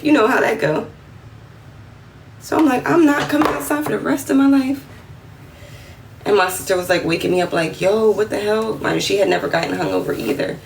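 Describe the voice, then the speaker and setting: Slangy New York woman with a gravelly voice. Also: a little high, a little fast, pauses often. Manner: animated, slangy, acts out quotes in a raised voice. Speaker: livestreamer. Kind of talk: casual storytelling livestream. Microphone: phone. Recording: roomy, slightly distant phone audio with faint room noise.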